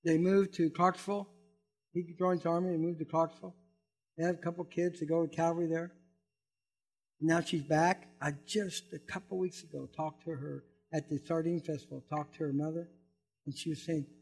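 A man's voice: on the high side, level tone, moderate pace, creaky, a little mellow, slightly rough. A man preaching a conversational sermon as a pastor, acting out quoted voices and building to emphatic peaks.

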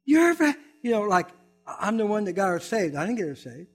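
A man's voice: sits high, lively intonation, brisk, soft background music. A man preaching a conversational sermon as a pastor, acting out quoted voices and building to emphatic peaks.

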